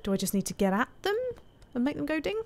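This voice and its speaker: A woman's voice: sits high, big pitch swings, fast talker, music in the background. A woman commenting casually as she plays a video game, chatty and often laughing, teasing the characters on screen. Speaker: gaming streamer. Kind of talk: casual let's-play commentary.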